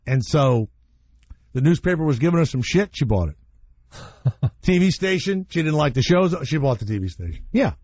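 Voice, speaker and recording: A man's voice: fairly high pitch, normal speed, pauses often, dry recording, highs cut off. A man hosting a talk radio show, telling stories in an opinionated, blunt way with some swearing. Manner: opinionated, animated storytelling with blunt profanity. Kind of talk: casual talk radio chat.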